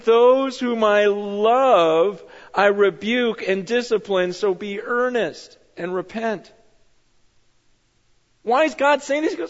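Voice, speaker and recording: A man's voice: extremely high pitch, long reverb tail, lo-fi sound. A man preaching a sermon with intensity, repeating himself and acting out quoted voices. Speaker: pastor.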